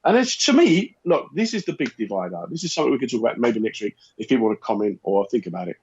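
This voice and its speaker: A man co-hosting a casual chat show, telling comedy-club stories with lively animated delivery. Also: medium pitch, quick pace, husky, lo-fi sound. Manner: animated anecdote telling, acting out exchanges. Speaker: co-host and comedian.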